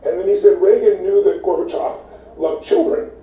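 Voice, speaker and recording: A man's voice: sits high, normal speed. Enthusiastic man on a tinny distant line. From United States. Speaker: interview guest. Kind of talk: animated storytelling. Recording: tinny, echoey, distant sound.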